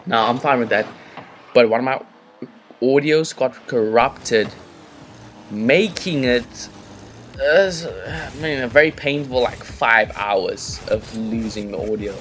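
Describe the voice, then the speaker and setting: A man casually commentating a game from his bedroom, rambling and chatty with bursts of excitement, on a laptop mic. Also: medium pitch, slight background noise. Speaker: gaming commentator and host. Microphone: laptop built-in mic.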